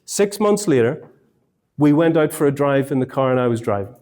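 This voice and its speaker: A man's voice: medium pitch, expressive, normal speed, a little mellow. A man, telling a humorous personal story in a sermon.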